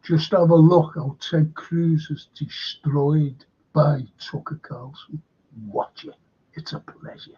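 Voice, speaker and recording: A Liverpool man chats his way through a history livestream, drifting from topic to topic and swearing now and then. His voice is husky and sits high. The stream audio is dull and lo-fi. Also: fairly even intonation, slow, warm tone. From Liverpool, England. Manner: rambling, chatty, swears freely. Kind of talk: casual livestream chat reading viewer comments.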